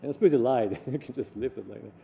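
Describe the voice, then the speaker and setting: A man recounting personal anecdotes in an animated way, acting out the voices of the people he quotes. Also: mid-range voice, quick pace, gravelly.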